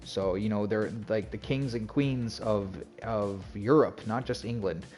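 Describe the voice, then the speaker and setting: A man's voice: lowish voice, a little slow, darkish tone, faint music behind. A man streaming and chatting casually to viewers, telling a rambling story with restarts and laughs. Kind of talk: casual chat.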